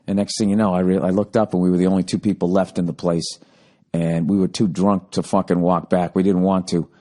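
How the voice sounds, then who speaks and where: A man's voice: low-pitched, flat delivery, a little fast, warm tone. A man hosting a podcast, telling a story in a casual monologue, ranting and swearing freely. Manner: profane, ranting. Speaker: podcast host.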